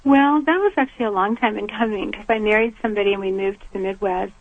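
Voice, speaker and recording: An older woman from the American South, a guest in an interview, talking in an earnest, reflective way with soft laughs. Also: medium pitch, fast. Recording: tinny phone line.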